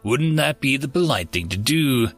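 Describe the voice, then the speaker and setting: A man's voice: expressive, moderate pace. A man voicing a wry, defiant dying man who banters sarcastically and asks pointed questions. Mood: sarcastic. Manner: sarcastic, questioning, a bit higher than narration.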